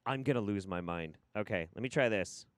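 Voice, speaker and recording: A man's voice: on the low side, fairly quick, very noisy. A man hosting a live stream, talking casually in a profane, exasperated, rambling way.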